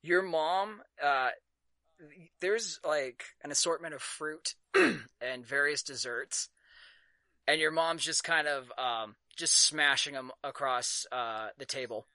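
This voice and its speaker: A man narrating as game master of a tabletop game, halting with many fillers and quick to laugh. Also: on the high side, bright, forceful tone, dry recording.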